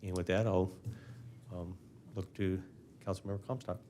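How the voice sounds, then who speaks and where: A deep-voiced man addresses the council as fire chief. His speech is halting and full of uhs and ums. His tone is plain and earnest, with faint room noise behind him. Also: flat delivery, warm tone. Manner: halting, many filler words. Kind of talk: council meeting remarks.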